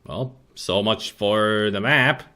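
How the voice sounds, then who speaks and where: A man's voice: on the low side, slow pace, sharp tone. A man commentating a retro adventure game, reading its text aloud with dry, sarcastic jokes. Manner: dry, jokey, sarcastic asides. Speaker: let's play commentator.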